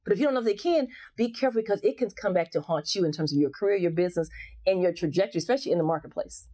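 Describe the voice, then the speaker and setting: Fast-talking frank woman, warm low voice. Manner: frank, emphatic, restarts often. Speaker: guest coach. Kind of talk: casual interview talk.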